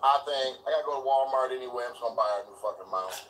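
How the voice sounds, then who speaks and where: A man ranting loudly and profanely on a live stream while driving, with sudden yelling bursts. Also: mid-range voice, very fast, far from the mic, a little hiss or hum, poor audio. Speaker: commentary streamer. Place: driving in a vehicle. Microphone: phone in hand.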